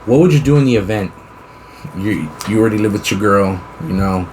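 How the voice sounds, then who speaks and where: A man's voice: fairly low pitch, fairly quick, darkish tone, slight background noise. A young man hosting a casual podcast chat. He rambles and swears a lot while spinning long hypothetical scenarios. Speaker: podcast host.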